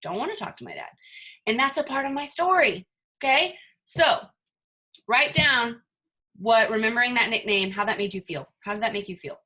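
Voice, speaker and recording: A woman's voice: a little high, normal speed, bright, forceful tone. A woman leading her team in a chatty, motivational talk over a video call, full of rhetorical questions. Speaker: team leader.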